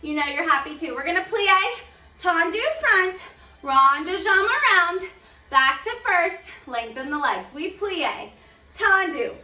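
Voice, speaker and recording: A woman's voice: very high voice, lively intonation, measured pace, bright, forceful tone, far from the mic. A young woman leading a barre fitness class, counting down moves with upbeat, chatty cues and slightly out of breath. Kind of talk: counting through a live workout class. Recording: roomy sound from away from the mic.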